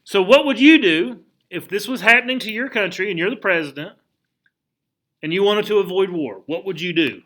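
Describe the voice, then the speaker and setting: A man teaching a history class in a lively, conversational lecture, often putting rhetorical questions to the students. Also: high voice, moderate pace. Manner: conversational, frequent restarts.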